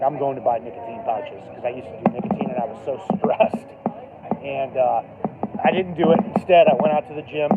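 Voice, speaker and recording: Man, mid-pitched, loose chatty live-stream vlogger on a street; thin lo-fi phone audio. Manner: loose, chatty, full of "like" and "dude". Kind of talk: casual rambling live stream. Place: outdoors on a downtown street, band playing nearby. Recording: tinny phone-line sound with loud street noise.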